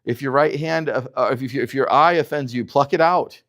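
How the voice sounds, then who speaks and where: A middle-aged man teaching a Bible class, talking in an emphatic, animated way with frequent restarts and filler words. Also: medium pitch, a little fast.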